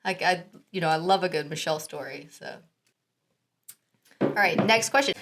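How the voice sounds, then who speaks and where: A woman's voice: on the low side, normal speed, background noise. A woman interviewing her friend in a casual podcast chat, playful and teasing, with frequent laughs. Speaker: guest interviewer.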